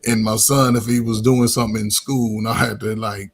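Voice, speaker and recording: A man's voice: fairly low pitch, fairly even intonation, fairly quick, breathy edge. A middle-aged man, a coach and former teacher, talking loosely in casual conversation with lots of restarts and filler words.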